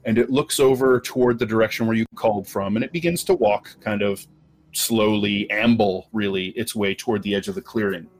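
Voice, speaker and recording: A man narrating as game master of a tabletop game, describing scenes slowly with pauses and fillers. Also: lowish voice. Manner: slow, descriptive, hesitant with fillers.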